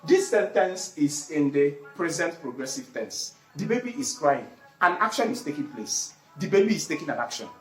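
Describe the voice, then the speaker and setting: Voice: mid-range voice, big pitch swings, moderate pace. An English teacher giving an online grammar lesson, repeating key words and posing questions, then answering them. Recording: roomy echo, faint music behind.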